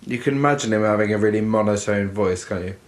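A man's voice: lowish voice, fast. A man co-hosting a podcast, reacting with enthusiasm and laughing easily in casual chat. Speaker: podcast co-host.

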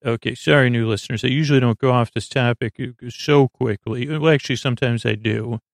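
A man hosting a sleep podcast, talking in a soft, lulling, creaky way and wandering off on goofy tangents. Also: medium pitch, fairly even intonation, fairly quick, no echo, studio quality. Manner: meandering, self-interrupting, goofy tangents. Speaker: podcast host. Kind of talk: rambling sleep podcast monologue.

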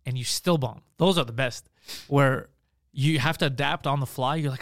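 A man's voice: mid-range voice, normal speed, dry recording, clean studio sound. A man talking as a podcast host in a casual chat, telling stories animatedly and acting out other people's lines, swearing freely.

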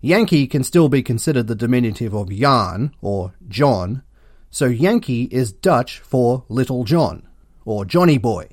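A man with an Australian accent hosting a comedic history podcast, delivering sarcastic, deadpan jokes. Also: medium pitch, a little slow, dry recording, studio quality. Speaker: podcast host.

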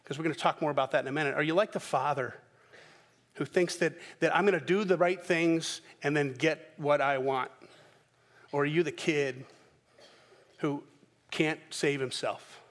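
High-voiced preacher in a reverberant hall. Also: male voice, unhurried, long pauses. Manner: animated storytelling, acting out the characters' voices. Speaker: pastor. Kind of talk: sermon.

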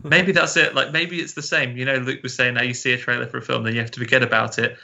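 Gravelly, bright-voiced man. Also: medium pitch, steady tone, fast. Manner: rambling, musing, asks the others questions. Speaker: podcast co-host. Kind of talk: casual chat.

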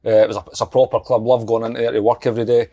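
A man's voice: medium pitch, very fast. A man with a Scottish accent, a football coach chatting casually with friends and telling loose, rambling stories. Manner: relaxed banter, rambling stories. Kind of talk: casual chat.

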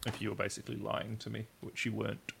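A man's voice: lowish voice, monotone, fast talker, creaky, background noise. A man co-hosting a podcast in casual chat, joking and teasing his partner. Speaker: podcast co-host.

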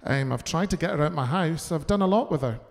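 A man chats as a guest, camp and bawdy, with a slightly raised voice. His stories tumble out quickly. A long reverb hangs around him from the venue. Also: on the high side, expressive, creaky. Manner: camp, bawdy, rapid storytelling. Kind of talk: casual chat.

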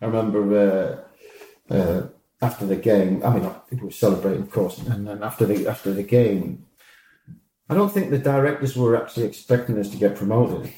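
A man, a former football manager, telling lively anecdotes in an interview and acting out the lines of people in his stories. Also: lowish voice, moderate pace, a little hiss or hum. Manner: animated storyteller, acts out quoted dialogue, laughs often. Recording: roomy echo.

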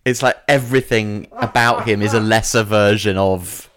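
Halting, dry-witted podcast co-host man. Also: lowish voice, steady tone, crowd noise. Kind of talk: casual comedic chat.

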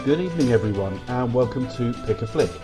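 A man's voice: medium pitch, animated, fast talker, loud music behind the voice. A man hosting a casual film podcast, chatty and often restarting his sentences. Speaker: podcast host. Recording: dull lo-fi podcast audio.

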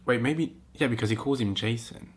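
A podcast host reads a romance story aloud in a medium-pitched, brisk, slightly rough male voice. He keeps interrupting himself with giggly, mocking comments, making it a comic reaction reading.

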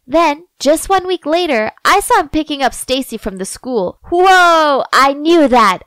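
A woman narrating a first-person drama story with dramatic, expressive delivery and sarcastic asides. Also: on the high side, no echo.

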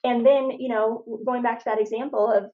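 A woman from Phoenix, Arizona talks through her story on a faith podcast. She is animated, with lots of "like" and restarts. Her voice sits on the high side, and the audio is slightly dull and lo-fi. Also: brisk. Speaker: podcast guest. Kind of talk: casual faith podcast conversation.

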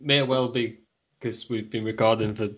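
A man's voice: lowish voice, fairly even intonation, moderate pace, dull audio. A man hosting a podcast, rambling and laughing often, a little tipsy. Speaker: podcast host. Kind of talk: casual chat.

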